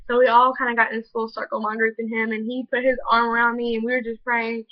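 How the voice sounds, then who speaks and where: A woman's voice: fairly high pitch, little pitch movement, fast talker, few pauses, no room sound. A teenage girl telling a personal story in a vlog, earnest and gushing, with many "like" fillers. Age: teens. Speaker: vlogger. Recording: dull lo-fi home video audio.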